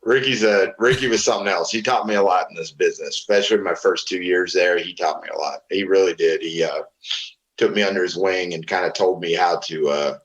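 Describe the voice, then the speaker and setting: Guest: ex-wrestler, man from Florida, lowish voice, cussing raconteur, echoey room. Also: brisk. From Florida, USA. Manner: profane, rambling, animated retelling of old stories. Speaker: retired pro wrestler, guest. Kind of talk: casual storytelling interview.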